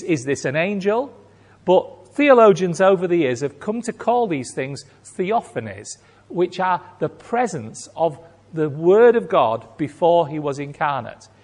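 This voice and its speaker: A man's voice: high voice, big pitch swings, measured pace. A man preaching a sermon in an emphatic, rhetorical way, acting out imagined reactions and repeating key phrases. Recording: long hall reverb.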